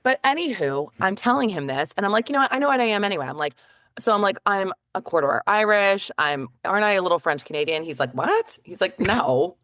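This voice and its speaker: A woman co-hosting a podcast, telling stories in casual chat with quick asides and lots of fillers. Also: medium pitch, lively intonation, a bit bright, no echo, studio quality. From northeastern United States. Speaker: podcast co-host.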